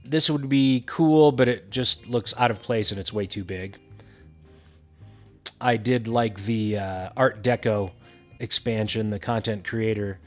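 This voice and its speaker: A man's voice: fairly low pitch, a little slow, soft background music. A man casually narrating a building game tutorial, thinking aloud with frequent fillers.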